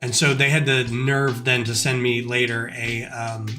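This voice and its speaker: A man's voice: mid-range voice, a little slow, over music. A man chatting casually on a livestream while designing brick models. He rambles through stories and mutters asides to himself as he works. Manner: rambling, animated storytelling mixed with muttered asides.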